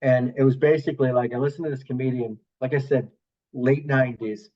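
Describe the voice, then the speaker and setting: A comedian from the Boston area tells rambling stories in a casual podcast chat, swearing freely and acting out the people he quotes. His voice sits at an ordinary pitch for a man. The recording sounds a little dull and lo-fi. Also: steady tone, brisk. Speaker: comedian guest.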